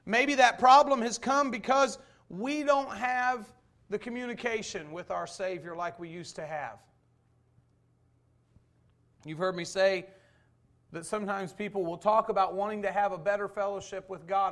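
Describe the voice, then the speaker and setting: High-voiced pastor preaching earnestly. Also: male voice, unhurried, a bit bright. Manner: earnest, repeats points with rhetorical questions. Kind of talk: sermon. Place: church.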